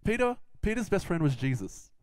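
A man's voice: high-pitched, sing-song, normal speed, dry recording. A young adult man giving a children's Bible message in a casual, chatty storytelling way. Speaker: children's minister.

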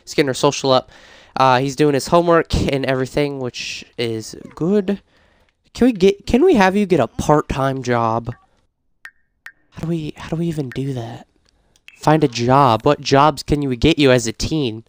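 Game commentator, male, mid pitch, smooth clear voice, dry close mic, chatty and prone to frantic outbursts. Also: normal speed, dry recording. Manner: reads game prompts aloud, grows frantic and shouty. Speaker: gaming YouTuber. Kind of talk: casual let's-play commentary.

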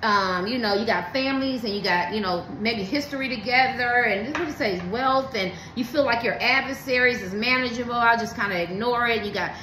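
A woman's voice: a little high, fairly quick, hardly any pauses, bright, forceful tone, echoey room, a little hiss or hum, low-quality recording. A woman giving a blunt, emphatic tarot reading, talking in slang and preaching to her viewers. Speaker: tarot card reader.

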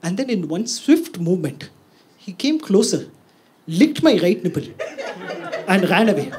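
A man's voice: high voice, normal speed, slight background noise. A man doing a stand-up comedy set, telling stories animatedly before a live audience. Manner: animated storytelling, sombre in the closing part.

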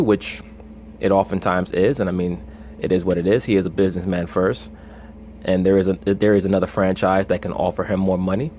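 Low-voiced blunt male sports vlogger. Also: a little mellow, a little hiss or hum. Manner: blunt and profane, opinionated. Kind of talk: casual sports commentary.

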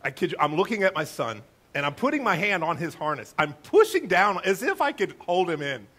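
A middle-aged male pastor telling a funny story in a sermon, with a lively, self-mocking manner. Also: high-pitched, brisk.

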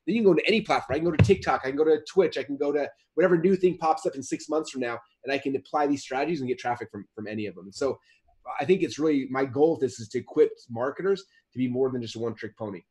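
A man's voice: medium pitch, very fast, darkish tone. A man being interviewed as a guest, talking in a laid-back, joking way. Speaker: guest, author and entrepreneur. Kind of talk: casual interview chat.

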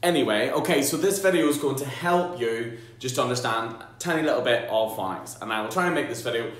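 A man's voice: mid-range voice, lively intonation, a little fast. A man, a primary school teacher, explaining phonics to parents in a playful, jokey way and sounding out letters and noises aloud. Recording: very echoey room.

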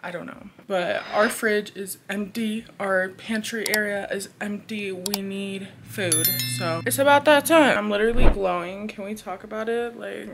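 A woman's voice: medium pitch, vocal fry, background noise. Chatty young woman vlogger, swears freely. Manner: chatty, blunt, swears freely, uses "y'all". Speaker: lifestyle vlogger. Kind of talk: casual vlog chat. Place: at home indoors. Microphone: compact camera held close.

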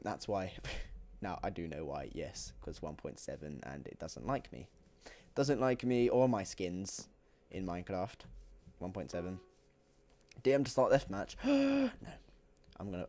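A young man giving excitable, jokey commentary while playing a video game, swinging between loud outbursts and quiet muttering. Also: low voice, moderate pace. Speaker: gaming YouTuber. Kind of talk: gameplay commentary.

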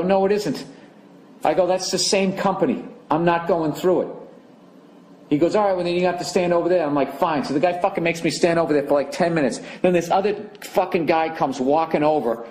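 A man from the United States telling a profane, sarcastic story in a heated rant on his podcast. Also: a little high. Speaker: comedian podcaster. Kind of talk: ranting podcast monologue.

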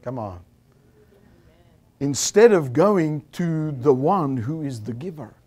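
A South African man preaching a storytelling sermon to a Bible college audience, animated and rising to shouts at the high points. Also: slow pace.

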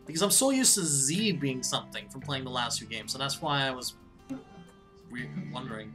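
A man's voice: mid-range voice, expressive, moderate pace, over music. A man hosting a casual let's-play, chatty and giggly as he reacts aloud to the game. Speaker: gaming channel host.

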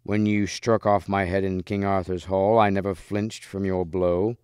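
A man putting on a booming giant green knight. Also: flat delivery, moderate pace, darkish tone, smooth, dry recording, studio quality, lightly acted. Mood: commanding. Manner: booming, commanding. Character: huge fierce green-faced knight with a mighty voice.

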